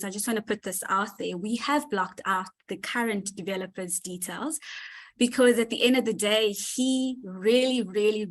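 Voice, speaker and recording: A woman's voice: mid-range voice, poor audio. A woman speaking to her online community on a call, heartfelt and gushing, close to tears. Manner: heartfelt, gushing, thanks people by name. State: near tears. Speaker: community leader presenting to members. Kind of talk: emotional speech on a live community call.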